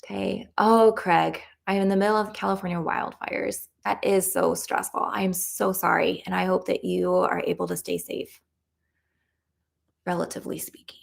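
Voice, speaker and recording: A woman leading a live EFT tapping session, talking through calm affirmations in a soothing, encouraging way and reading out viewers' comments. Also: on the low side, moderate pace, vocal fry. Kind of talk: guided tapping script, then reading live chat. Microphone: livestream camera mic.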